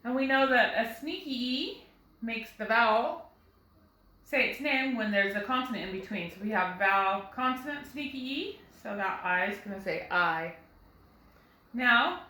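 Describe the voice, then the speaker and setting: Slow, patient woman teaching phonics. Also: fairly high pitch, sharp tone, echoey room, poor audio. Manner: slow, patient, sounding words out. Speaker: first grade teacher. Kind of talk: recorded phonics lesson.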